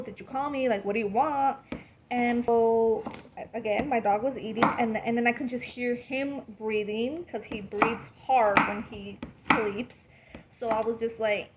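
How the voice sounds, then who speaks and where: A woman's voice: on the high side, normal speed, very noisy. Chatty young woman telling ghost stories. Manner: animated, rambling, lots of "like" fillers, swears freely. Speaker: vlogger. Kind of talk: casual storytelling to camera.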